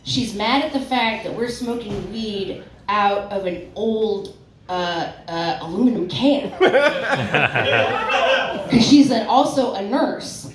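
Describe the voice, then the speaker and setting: On a comedy club stage, a young woman does a rambling, self-deprecating stand-up set loaded with "like" and "um." She speaks slowly at a medium pitch over a noisy crowd. The club sound is roomy and distant, with the audience laughing.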